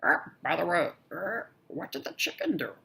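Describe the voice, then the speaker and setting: A woman's voice: on the low side, very animated, moderate pace, gravelly, bright, forceful tone, pitched above the performer's own voice, full character voice. A woman voicing a foul-mouthed talking parrot that squawks and starts each line with "ah". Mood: cheeky.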